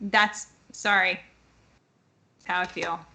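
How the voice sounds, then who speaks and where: A woman's voice: lowish voice, fairly even intonation, slow, bright, forceful tone. A woman co-hosting a live fantasy football show, giving blunt, decisive start-or-sit picks. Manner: decisive, blunt opinions, laughs easily. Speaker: co-host, fantasy analyst.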